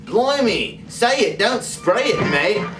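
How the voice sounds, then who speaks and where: A man voicing an over-the-top fake Australian character with a mock Australian accent, loud and exaggerated. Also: high voice, big pitch swings, takes it slowly, far from the mic, voice pushed up, heavily acted. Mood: hammy. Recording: roomy echo, off mic, faint music.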